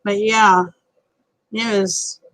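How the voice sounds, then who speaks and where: Raspy, twangy woman, tired. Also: mid-range voice, level tone, drawn-out words, fairly bright tone, dry recording, poor audio. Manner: folksy, rambling, self-deprecating. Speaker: livestream host. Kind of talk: casual livestream chat with viewers. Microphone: phone camera close up.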